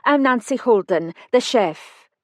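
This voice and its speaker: A woman voicing a sunny, homely Highland woman chef in her sixties, in an audiobook. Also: expressive, a little slow, no room sound, studio quality. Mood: cheerful. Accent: Scottish Highlands. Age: 60s. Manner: warm, homely.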